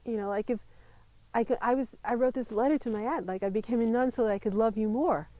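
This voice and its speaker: A woman, a Buddhist nun telling her life story in an interview, lively and laughing often. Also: a little high, fast, no echo, poor audio. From United States. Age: 50s. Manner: animated storytelling, laughs often, mimics voices in quotes. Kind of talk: personal storytelling.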